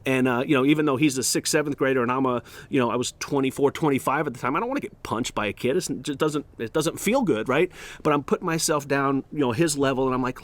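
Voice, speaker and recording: A man hosting a podcast, telling a story in an animated way with many fillers and restarts. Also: medium pitch, fast. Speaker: podcast host. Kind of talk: storytelling monologue.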